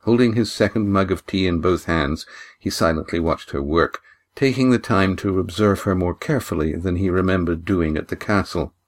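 A man reading his own novel aloud as the audiobook narrator, in a measured, even storytelling manner. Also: low voice.

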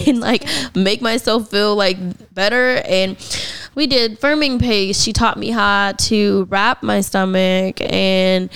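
Animated young woman, smooth clear voice. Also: medium pitch, dry recording. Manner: animated storyteller, acts out her own past lines. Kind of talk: casual chat.

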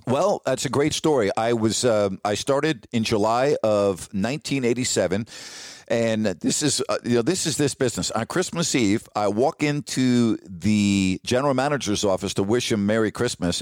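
A middle-aged man, a sportscaster, telling stories from his career in an animated, anecdotal way. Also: on the low side, moderate pace, no echo, clean studio sound. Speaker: sportscaster guest. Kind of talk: casual storytelling on a podcast.

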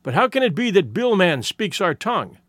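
A man's voice: high-pitched, big pitch swings, normal speed, a bit bright, dry recording, studio quality, full character voice. A man voicing a little, wizened old hunter who questions the crowd in a storybook reading. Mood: doubtful. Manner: questioning, doubtful.

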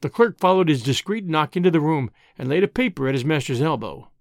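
Expressive man reading an audiobook. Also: fairly high pitch, fairly quick, dry recording. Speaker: audiobook narrator. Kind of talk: scripted narration.

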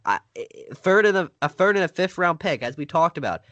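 A man's voice: on the high side, big pitch swings, a little fast, a bit bright, no room sound, lo-fi sound. A man co-hosting a podcast in casual sports chat, making his points emphatically and firmly. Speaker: podcast co-host.

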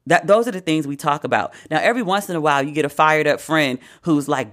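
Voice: medium pitch, quick pace. Host for comedic talk; blunt, swearing, sarcastic riffs in a mid-range voice. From United States. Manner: profane, sarcastic, with animated asides. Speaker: podcast host. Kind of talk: casual comedic commentary.

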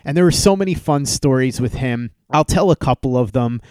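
A man hosting a podcast, telling a fond story about a late friend and acting out their back-and-forth in lively quoted dialogue. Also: medium pitch, brisk, clean tone, no room sound. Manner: animated storyteller who acts out quoted dialogue. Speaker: podcast host. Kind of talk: casual storytelling tribute.

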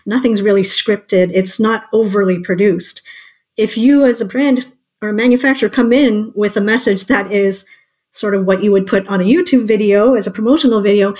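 A woman in conversation, explaining points clearly and steadily in a voice of middle pitch. She leans on rhetorical questions to build her case. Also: a little mellow. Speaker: guest marketing expert. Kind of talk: podcast conversation.

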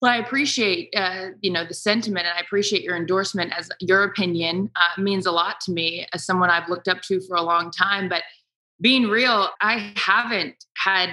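A woman's voice: fairly low pitch, fairly even intonation, moderate pace, pushed and bright, low-quality recording. A woman guest in an interview, speaking candidly and with self-deprecating humor, emotional at times. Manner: emotional, self-deprecating, talks through tears. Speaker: guest, sports broadcaster.

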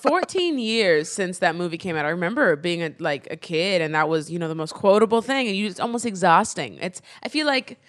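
A young adult woman chatting casually as a panelist, animated and quick to laugh. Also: fairly low pitch. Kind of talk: casual chat.

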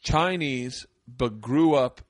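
A man's voice: mid-range voice, slow pace, no echo, studio quality. A man hosting a podcast, telling a story in casual, profane chat and acting out the quotes in a raised voice. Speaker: podcast host.

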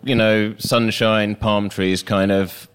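A man's voice: lowish voice, level tone, takes it slowly, clean tone. Laid-back male podcast host. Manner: laid-back, rambling with many "you know" fillers. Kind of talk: live podcast interview.

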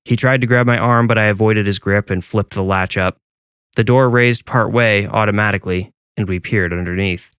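A man's voice: fairly low pitch, fairly even intonation, normal speed, fairly bright tone, clean tone, dry recording. A man reading his own horror story aloud in a dry, wry storytelling manner. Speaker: horror story narrator and author. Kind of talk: scripted horror narration.

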